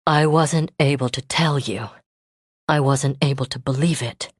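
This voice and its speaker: Woman doing a man confessing his love, low and strained, earnest, audiobook, dry close sound. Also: unhurried, husky, no room sound, exaggerated voice. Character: man pouring out a long-held love.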